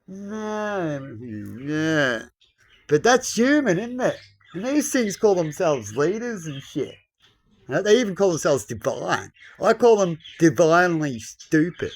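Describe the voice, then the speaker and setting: A man with a voice pitched a touch high talks in a loose, rambling monologue. He lectures bluntly and keeps checking in with his listener through tag questions. The tone is preachy and salted with mild swearing. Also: very animated, moderate pace. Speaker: vlogger.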